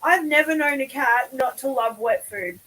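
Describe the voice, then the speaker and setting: A woman, chatting loosely on a live stream. Her voice sits a little high. She swears freely and laughs easily as she talks. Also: moderate pace, fairly bright tone, rough recording. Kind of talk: casual chat on a live stream.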